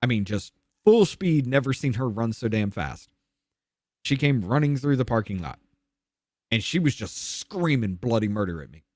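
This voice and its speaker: A man's voice: very animated, moderate pace, dry recording, studio quality. Blunt, profane man telling his story. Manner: blunt, profane, drops low and quiet on painful parts. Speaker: podcast guest. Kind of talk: candid personal storytelling.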